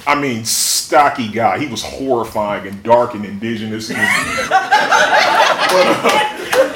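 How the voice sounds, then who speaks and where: A young man doing a stand-up set, telling profane, self-mocking stories in an animated way on a comedy stage, in an echoey room with loud noise. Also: sits high. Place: comedy stage before a live audience.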